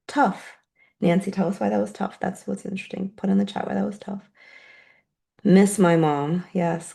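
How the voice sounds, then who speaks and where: A woman leading a guided meditation for an online group, speaking softly and slowly, then reading out chat replies and teaching more briskly. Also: mid-range voice, vocal fry. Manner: soft, slow and soothing while guiding, then brisker reading out chat replies. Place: online video session.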